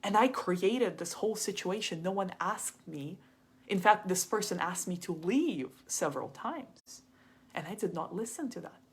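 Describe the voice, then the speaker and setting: A woman's voice: lowish voice, lively intonation, normal speed, husky. A young adult woman coach telling a frank, confessional story in a masterclass, loose and chatty with lots of "like". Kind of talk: candid storytelling monologue.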